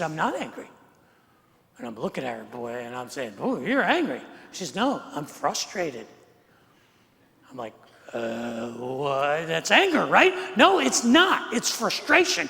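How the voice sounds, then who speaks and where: A middle-aged man preaching a sermon as pastor, talking in a conversational way that swings from quiet to emphatic and repeats words as he goes. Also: high-pitched. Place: large church sanctuary. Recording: long hall reverb from the sanctuary.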